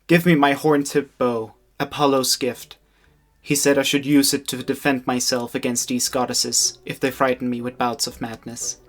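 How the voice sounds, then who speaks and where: A man's voice: mid-range voice, flat delivery, lightly acted. A man reading as a frantic raving tragic hero. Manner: hurried, breathless, declaiming.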